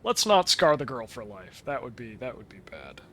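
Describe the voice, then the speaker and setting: A man's voice: medium pitch, wildly swooping pitch, moderate pace, sharp tone, a little hiss or hum. A young man with a stuffed-up nose giving rambling, wry, sweary commentary while he streams a game. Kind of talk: casual gameplay commentary.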